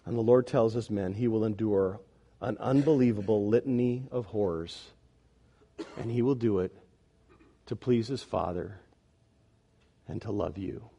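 A male pastor preaching a sermon, swinging between loud, emphatic declarations and quiet, pleading passages. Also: fairly low pitch, measured pace, creaky, long pauses, breathy edge.

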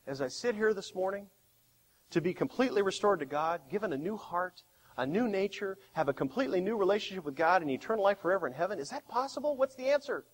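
A man preaching a sermon as pastor, with dramatic swings between quiet and loud. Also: high voice, lively intonation, fast. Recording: long hall reverb.

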